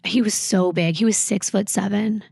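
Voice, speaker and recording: A woman guest on a podcast, recounting a painful personal story in a halting, reflective way full of fillers. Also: mid-range voice, fairly even intonation, vocal fry, darkish tone, slightly rough, dry recording, studio quality.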